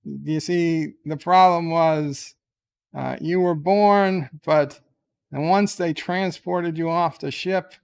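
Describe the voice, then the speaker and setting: This is a brash, scheming starship captain, put on by a man in a comic action-figure skit. He talks down to his crew with mocking bluntness and bursts into loud outbursts. The voice is a little high and gravelly, and his delivery is unhurried. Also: fairly even intonation.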